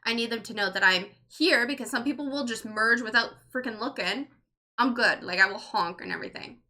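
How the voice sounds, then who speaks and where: A woman's voice: on the high side, fairly quick, pushed and bright. A woman in her thirties chatting casually on a livestream, rambling with lots of "like" and swearing freely. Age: 30s. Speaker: streamer. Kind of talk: casual livestream chat, reading chat.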